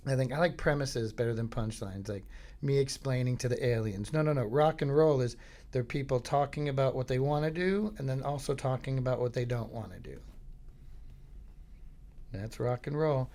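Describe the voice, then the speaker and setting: A man from Florida hosting a podcast, telling meandering comic stories in a deadpan, filler-heavy way. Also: mid-range voice, moderate pace. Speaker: podcast host. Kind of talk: rambling comic monologue.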